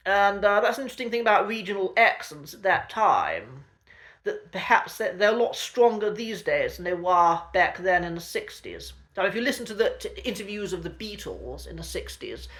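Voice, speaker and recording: A man's voice: sits high, very animated, moderate pace, a bit bright. A man, an accent coach, talking casually and thoughtfully through an educational topic.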